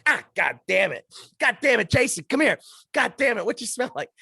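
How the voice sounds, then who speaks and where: A man putting on his exasperated father's voice, swearing loudly in a raised, high-pitched shout. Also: big pitch swings, measured pace, no room sound, clean studio sound, exaggerated voice. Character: exasperated middle-aged father yelling about a smelly chair.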